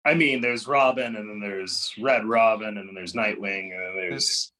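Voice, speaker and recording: A man's voice: fairly low pitch, normal speed, pushed and bright, low-quality recording. Man making dry jokes on a podcast. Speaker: podcast guest. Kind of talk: casual podcast chat.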